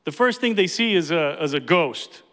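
Emphatic preacher in a reverberant hall. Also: male voice, fairly high pitch, animated, moderate pace, a bit bright. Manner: emphatic, repeats key phrases. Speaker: pastor. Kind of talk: sermon.

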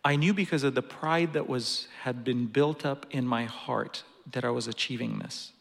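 Gravelly-voiced man preaching in a hall. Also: mid-range voice, normal speed, a bit bright. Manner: earnest, personal storytelling with restarts. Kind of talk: sermon with a personal story. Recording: long reverb of a large hall.

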